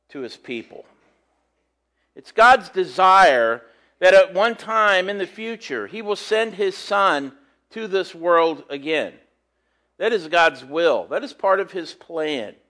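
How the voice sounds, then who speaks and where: A man with a notably high voice delivers a conversational sermon. He reads scripture aloud, then unpacks it earnestly with homely stories. He often stumbles and repeats words as he thinks aloud. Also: fairly bright tone. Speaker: preacher.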